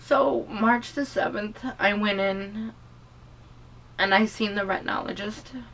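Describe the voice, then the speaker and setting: A woman vlogger talks through a personal story in a loose, rambling way, full of "you know" and restarts. She sounds emotional, like she's holding back tears. Her mid-pitched voice sits away from the microphone, so it sounds a little distant. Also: slow pace, fairly bright tone, a little hiss or hum. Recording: voice distant from the mic.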